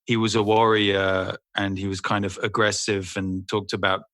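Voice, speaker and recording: A man as an actor guest in a casual interview, talking in a relaxed, rambling, self-deprecating way. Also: lowish voice, normal speed, no room sound.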